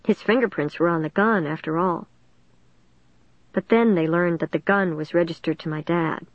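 A woman reading a first-person story aloud in a steady, measured way. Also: on the low side, dry recording, highs cut off. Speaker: audiobook narrator.

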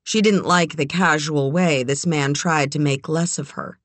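A woman narrating a novel as an audiobook reader, in a measured, even way. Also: deep voice, no room sound. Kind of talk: scripted narration.

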